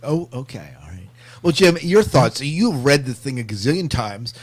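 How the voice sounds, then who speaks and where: A man's voice: mid-range voice, big pitch swings, normal speed. A man hosting a casual book podcast, joking and steering the conversation. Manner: joking, leads the talk. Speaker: podcast host.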